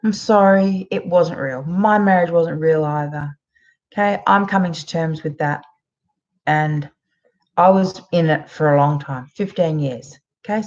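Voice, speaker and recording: A woman's voice: low-pitched, a little mellow. A middle-aged Australian woman giving blunt, emphatic advice to camera, often checking in with "okay?" and swearing freely. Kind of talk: direct-to-camera advice talk. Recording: slightly dull lo-fi audio.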